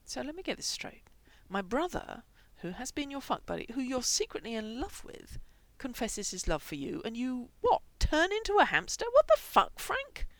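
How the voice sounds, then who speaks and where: A woman's voice: fairly high pitch, very animated, normal speed, hardly any pauses, dry recording, pitched above the performer's own voice. A woman voicing an indignant young man turned into a hamster, prone to swearing outbursts. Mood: furious.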